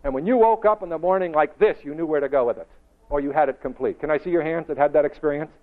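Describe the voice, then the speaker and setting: A man giving a motivational seminar to a live audience, emphatic and full of rhetorical questions, slowing and quickening for effect. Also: a little high. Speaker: motivational speaker. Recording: dull lo-fi recording.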